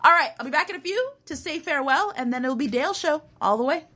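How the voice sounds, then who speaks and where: A woman's voice: high voice, fast. A young adult woman hosting a radio show in a studio, chatting casually with a co-host and laughing often. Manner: giggly, animated, laughs often.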